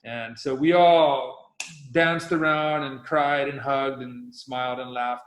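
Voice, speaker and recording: A man's voice: mid-range voice, fairly even intonation, slow pace. A middle-aged man, a podcast guest, telling a long story in casual conversation and acting out his own past reactions. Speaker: podcast guest, professional windsurfer. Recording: roomy echo.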